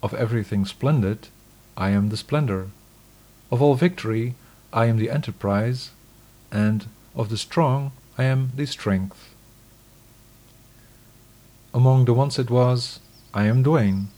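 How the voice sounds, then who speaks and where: A man giving a scripted scripture reading in a measured, solemn, declamatory way. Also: medium pitch, mellow.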